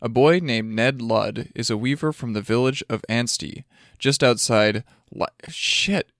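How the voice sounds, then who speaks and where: A man's voice: mid-range voice, measured pace, no echo, studio quality. A man narrating an audiobook who stumbles over unfamiliar names, swears under his breath and retries them again and again. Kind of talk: audiobook reading with bloopers and retakes.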